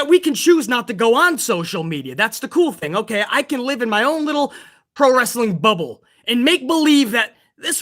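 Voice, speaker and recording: High, bright, profane livestream host. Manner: profane, heated ranting; excitable. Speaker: host of a pro wrestling livestream. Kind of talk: livestream rant.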